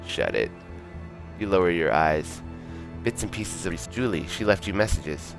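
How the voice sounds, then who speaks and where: A man's voice: low voice, moderate pace, music in the background. A man streaming himself reading a narrative game aloud, with casual comments in between. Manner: animated, reads narration in second person.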